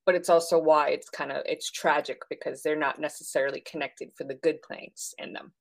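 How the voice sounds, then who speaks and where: A woman with a notably low voice chatting about films. She gushes with enthusiasm, sprinkling her talk with little ums and uhs. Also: fairly even intonation, brisk, creaky. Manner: enthusiastic, gushing with fillers. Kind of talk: casual film discussion.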